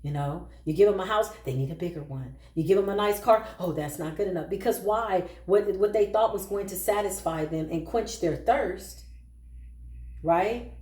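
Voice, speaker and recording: A woman giving an animated spiritual talk and tarot reading, addressing viewers directly in a slangy, emphatic way. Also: on the low side, moderate pace, roomy sound.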